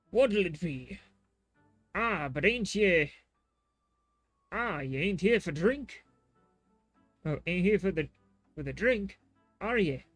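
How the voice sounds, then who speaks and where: A man doing a gruff tavern keeper. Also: sits high, fairly bright tone, no echo, full character voice. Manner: stumbling over the lines, folksy. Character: gruff male tavern keeper, rough-spoken.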